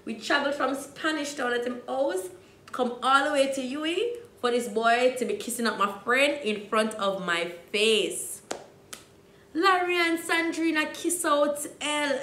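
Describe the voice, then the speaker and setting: A young Jamaican woman with a Jamaican accent, telling a dramatic storytime, dropping to hushed asides and rising to loud outbursts. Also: fairly high pitch, measured pace, roomy sound. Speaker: vlogger. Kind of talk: storytime vlog.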